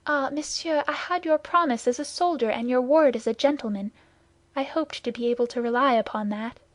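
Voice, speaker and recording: A woman's voice: high-pitched, animated, moderate pace, darkish tone, voice pushed up. A woman reading aloud, voicing a pretty young woman who speaks urgently and reproachfully.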